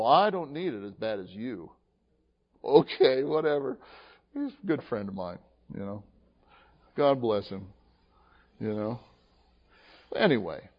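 A male pastor preaching a sermon in an animated way, swinging from hushed asides to emphatic, acted-out dialogue, recorded in a church sanctuary. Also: medium pitch. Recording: dull lo-fi sound with long hall reverb.

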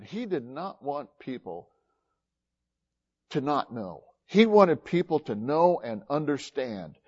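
Male pastor, lively preaching delivery, voice pitched a bit high, dull lo-fi sermon recording. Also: slow pace. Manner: animated preaching, swinging between loud emphasis and quiet asides.

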